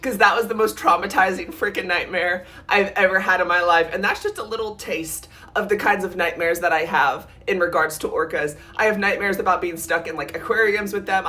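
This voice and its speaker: A woman tells a storytime vlog in a bright, sharp voice. She talks in breathless, animated runs packed with "like" and jumps suddenly higher when the fear comes back. At times she sounds close to tears. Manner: animated, breathless retelling full of "like", jumps in pitch when scared. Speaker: vlogger.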